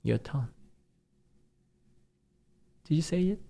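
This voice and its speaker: Korean-accented man, gravelly teaching voice. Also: a little high, animated, dark tone. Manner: drills phrases in rapid repetitions, earnest and insistent. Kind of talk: online language lesson.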